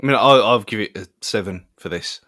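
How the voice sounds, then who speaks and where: A man's voice: fairly low pitch, fairly quick, sharp tone, no echo, studio quality. A man co-hosting a podcast, chatting about a film in a rambling way with frequent restarts. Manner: rambling, many restarts and fillers. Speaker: podcast co-host. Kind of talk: casual film review chat.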